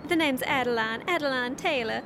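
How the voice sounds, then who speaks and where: A woman's voice: high voice, fairly quick, background noise. An Irish woman putting on a folksy Southern accent, drawling and calling people darling and sugar. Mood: teasing. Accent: American Southern, put on. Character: folksy Southern woman under a fake name.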